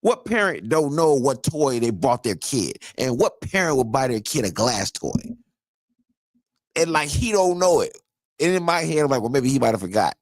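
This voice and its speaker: A man's voice: a little high, big pitch swings, normal speed, no echo. A man in his thirties hosting a podcast, telling a loose, profane story in casual chat and laughing often. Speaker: podcast host.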